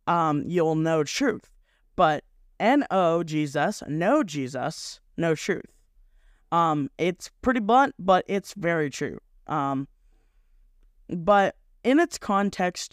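Here a young man with a high-pitched voice hosts a faith podcast, captured in clean studio sound with no room sound. His casual devotional talk is earnest and rambling, and he often corrects himself.

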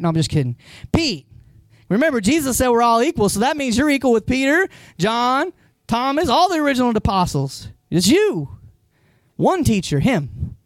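A man's voice: high-pitched, no echo, clean studio sound. A man preaching a sermon as a pastor, talking conversationally and putting questions straight to the congregation. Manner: animated storytelling.

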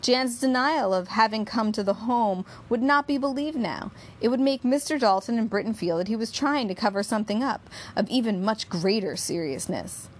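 A woman narrating a novel in steady, measured storytelling. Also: fairly high pitch.

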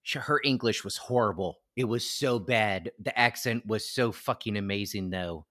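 A man co-hosting a podcast, casually telling animated stories and swearing freely. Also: fairly low pitch, normal speed, no echo, studio quality. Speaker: podcast co-host. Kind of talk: casual chat.

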